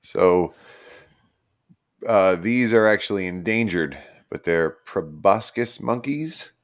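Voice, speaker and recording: A man's voice: sits low, lively intonation, slow pace. A man co-hosting a casual podcast, explaining animal facts in a laid-back, loose way. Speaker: podcast co-host. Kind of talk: casual chat.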